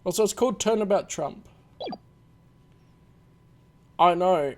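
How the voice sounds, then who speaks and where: A man hosts a let's play with music in the background, chatting casually and laughing a lot as he reads and voices a game. He sounds high-pitched, brisk and animated.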